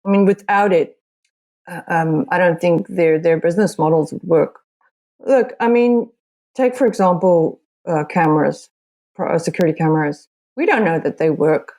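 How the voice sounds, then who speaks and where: A woman's voice: on the low side, moderate pace, warm tone. A woman journalist from Africa, answering earnestly with many restarts. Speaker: journalist guest. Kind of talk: podcast interview.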